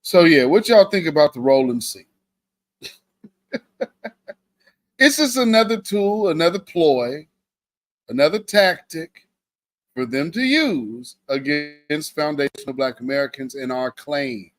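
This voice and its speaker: A man's voice: fairly high pitch, animated, measured pace, long pauses. A man hosting a livestream, talking to his viewers with an emphatic, preacherly cadence. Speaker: livestream host. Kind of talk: livestream commentary.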